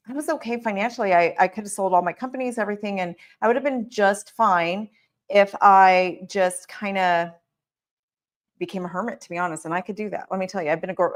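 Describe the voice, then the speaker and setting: A middle-aged woman hosting a coaching podcast, talking candidly about her own life and often asking "right?". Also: medium pitch. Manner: candid and personal, often adds a questioning "right?". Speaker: podcast host and business coach. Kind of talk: motivational podcast talk.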